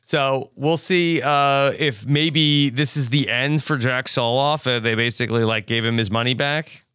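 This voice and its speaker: A man's voice: medium pitch, unhurried, fairly bright tone, clear, resonant tone, no room sound, clean studio sound. A man co-hosting a podcast in casual recap chat, curious and easygoing, asking questions. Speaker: podcast co-host.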